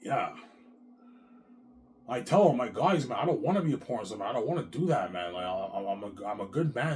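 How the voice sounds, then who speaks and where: A man in a rambling monologue, repeating himself, swearing and jumping between quiet mumbles and loud outbursts. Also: lowish voice, animated, fairly quick. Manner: repetitive, restarts, keeps saying "man"; profane, agitated swings in loudness.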